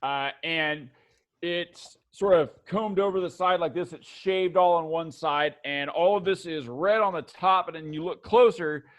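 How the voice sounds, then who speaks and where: A man's voice: fairly high pitch, unhurried. A man narrating as game master, loose and rambling, laughing often.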